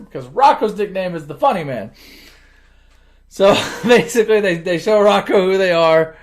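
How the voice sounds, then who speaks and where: A man with a slightly higher-than-average voice retells a film as a casual campfire story. He talks in an animated, conversational way and chuckles as he goes. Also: moderate pace. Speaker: channel host.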